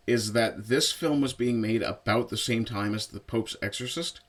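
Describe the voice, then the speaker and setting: A man with a somewhat low voice talks through a film in an easygoing, chatty review. He meanders, pauses on fillers and adds small asides as he goes. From Newfoundland, Canada. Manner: relaxed and conversational, with frequent fillers and asides. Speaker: movie reviewer. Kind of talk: casual spoken film review.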